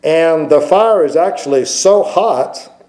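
Male pastor, conversational storyteller, mellow and slightly high voice, preaching at a mic. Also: expressive, slow, low-quality recording. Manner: conversational storytelling, many fillers and restarts. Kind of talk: sermon. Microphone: microphone.

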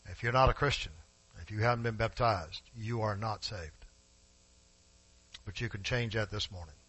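Emphatic bright-voiced man preaching. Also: on the low side, moderate pace, slightly rough, poor audio. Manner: emphatic, rising to forceful peaks; talks directly to the congregation. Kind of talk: sermon. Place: church sanctuary.

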